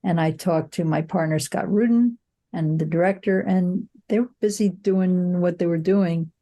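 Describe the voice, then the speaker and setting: Older female producer; low, mellow, thoughtful storyteller. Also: normal speed. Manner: reflective storytelling, frequent "you know" and restarts. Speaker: film producer, guest. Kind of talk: candid interview answers.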